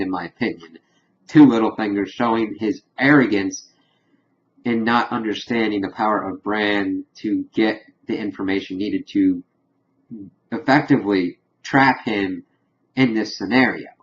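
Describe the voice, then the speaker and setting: A man's voice: lowish voice, muffled recording, a little hiss or hum. A young man casually recapping and reviewing a TV episode, retelling scenes and briefly voicing characters' lines. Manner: animated retelling, lightly acting out characters' lines. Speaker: TV show reviewer.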